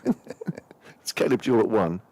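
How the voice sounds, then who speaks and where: A man co-commentates live on a cricket match in a lowish, very animated, slightly mellow voice at a measured pace. Careful and methodical, he goes through the fielders one by one, checking their positions aloud and calling each ball.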